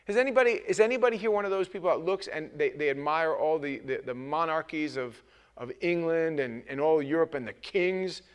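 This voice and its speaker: A man's voice: on the high side, a little fast, smooth. A man preaching an informal, joking sermon as pastor in a church, often restarting his sentences. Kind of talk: conversational sermon. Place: church sanctuary.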